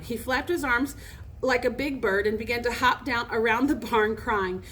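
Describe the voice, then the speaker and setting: A woman reading a children's novel aloud in an expressive, lively way. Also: a little high, moderate pace, a little hiss or hum. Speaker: storybook reader.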